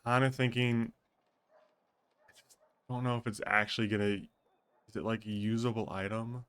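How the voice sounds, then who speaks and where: A man's voice: on the low side, little pitch movement, normal speed, a bit bright, clean tone. A man streaming a role-play game, chatting casually with viewers, thinking aloud and swearing freely. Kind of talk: casual out-of-character chat with viewers.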